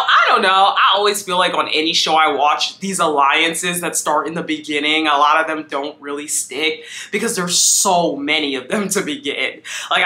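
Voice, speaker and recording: A woman giving a chatty, animated recap of a reality show, often quoting people in exaggerated voices. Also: sits low, echoey room. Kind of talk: casual recap chat.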